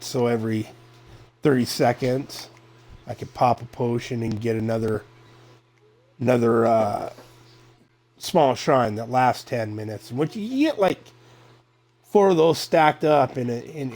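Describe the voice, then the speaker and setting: A middle-aged man streaming a video game, rambling casually and thinking out loud as he plays. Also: mid-range voice. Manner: rambling, relaxed, thinking aloud with fillers. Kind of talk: casual gameplay chatter.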